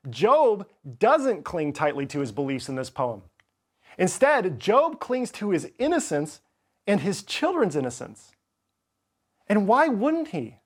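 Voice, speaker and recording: A man's voice: high voice, measured pace. A man preaching a sermon as pastor, reading scripture passages with dramatic delivery. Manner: expressive, reads scripture dramatically.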